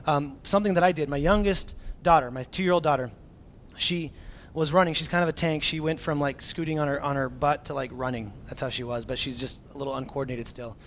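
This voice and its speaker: A man in his thirties with a fairly high voice gives a sermon as a pastor. He tells it like a chatty, self-mocking story, full of fillers and asides. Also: steady tone, a little fast, fairly bright tone, a little hiss or hum.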